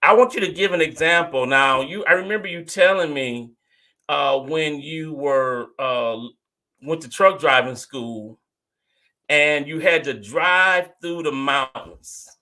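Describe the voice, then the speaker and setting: A man's voice: on the high side, measured pace. A man hosting a casual talk show, prompting his grown children to tell their stories, often repeating and restarting his words. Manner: lively, repeats himself, draws stories out of guests. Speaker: host.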